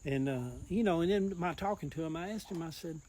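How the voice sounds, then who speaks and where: A man's voice: on the high side, fairly quick, darkish tone, rough recording. A man with a Southern US accent, a political campaigner talking earnestly in a rambling, folksy monologue. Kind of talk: casual monologue.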